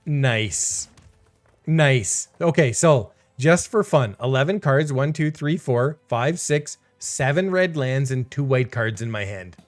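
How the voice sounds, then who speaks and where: A man's voice: mid-range voice, expressive, takes it slowly, faint music behind. A man commenting casually on his own card game, sarcastic and exasperated, laughing in disbelief. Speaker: streamer playing a card game.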